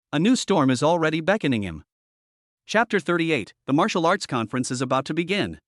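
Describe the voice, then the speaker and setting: A man narrating a web novel audiobook in a steady, even storytelling voice. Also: fairly high pitch, no room sound, clean studio sound.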